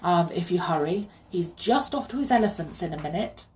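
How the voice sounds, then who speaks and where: A woman's voice: lowish voice, animated, brisk, darkish tone, slight background noise, lightly acted. A woman doing a chatty, admiring housewife. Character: chatty woman answering the door.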